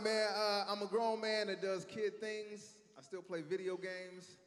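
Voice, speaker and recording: A man in his thirties doing a stand-up set on a stage, telling stories in a conversational, animated way. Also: high voice, unhurried, hardly any pauses. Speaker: stand-up comedian. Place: stage in a large hall. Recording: echoey hall, faint ambience.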